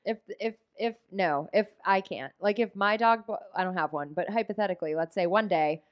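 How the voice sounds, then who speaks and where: A woman co-hosting a podcast in casual chat, teasing and quick to laugh. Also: medium pitch, muffled recording. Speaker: podcast co-host.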